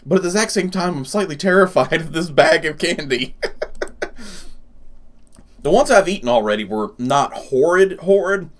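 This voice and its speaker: A man's voice: a little high, expressive, moderate pace, pauses often. A man hosting a gaming channel, giving casual gameplay commentary while thinking aloud and laughing often.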